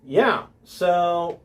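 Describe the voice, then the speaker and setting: A man narrating as game master of a tabletop game, unhurried and often clearing his throat. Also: high-pitched.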